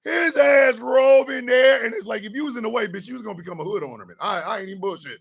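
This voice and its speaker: Gravelly high-voiced man telling stories. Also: fast, recorded from a distance, a little hiss or hum. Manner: animated storyteller, profane, mimics drill sergeants. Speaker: radio show host. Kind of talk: storytelling on a morning radio show.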